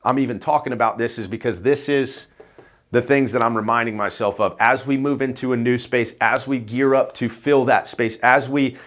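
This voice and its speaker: A man's voice: mid-range voice, fairly even intonation, moderate pace, fairly bright tone. Man, agency owner, off-the-cuff vlog delivery, loose and rambling, casual swearing. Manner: loose, rambling, tags "right?" often. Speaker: insurance agency owner coaching agents.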